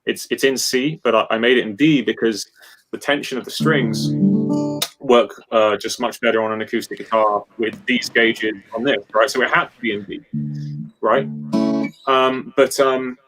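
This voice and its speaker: A man talking casually on a live video call, explaining guitar arranging in animated, rambling sentences full of restarts. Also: mid-range voice, normal speed. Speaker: guest guitarist. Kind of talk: casual technical chat.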